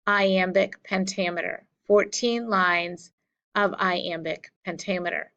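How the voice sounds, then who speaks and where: A woman's voice: medium pitch, fairly bright tone, muffled recording. A woman teaching a class in a patient, repetitive way, counting out beats aloud. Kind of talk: classroom lecture.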